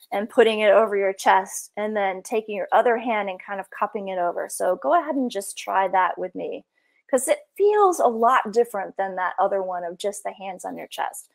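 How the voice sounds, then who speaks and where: A woman's voice: mid-range voice, creaky. A middle-aged woman psychologist leading a workshop in a casual, conversational way, full of "you know" and "like".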